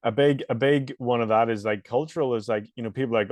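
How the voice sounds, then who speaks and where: A man's voice: mid-range voice, fairly even intonation, fast talker, darkish tone, no echo. A man with a Northern Irish accent hosting a casual podcast conversation, talking in an earnest, reflective way with lots of "you know" fillers. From Northern Ireland. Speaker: host and fitness coach.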